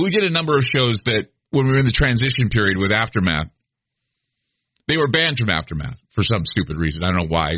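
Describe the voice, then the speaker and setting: A man in middle age hosting late-night radio with a husky, bright edge to his voice and a lively, swooping delivery. He rambles and restarts as he talks, and the sound is close and dry, a little dull in the top end. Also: lowish voice, no echo. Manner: rambling, conversational, many restarts and fillers. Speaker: radio talk show host.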